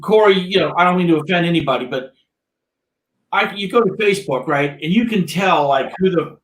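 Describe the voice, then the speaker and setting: A man's voice: sits high, animated, fairly quick, echoey room, rough recording. A man calling into a talk show, arguing bluntly with profanity and combative questions. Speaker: caller. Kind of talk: blunt opinionated argument.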